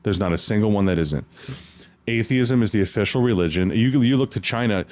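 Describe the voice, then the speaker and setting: A man from the United States, a podcast host, talking about faith in an earnest, animated storytelling way with many restarts. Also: on the low side, brisk. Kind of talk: casual faith chat.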